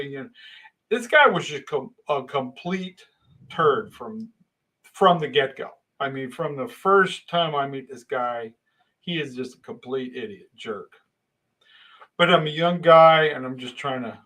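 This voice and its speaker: A man's voice: medium pitch, lively intonation, normal speed, fairly bright tone, poor audio. Rambling man telling a work story. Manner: rambling, with many restarts and dramatic voice shifts. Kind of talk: casual spoken anecdote.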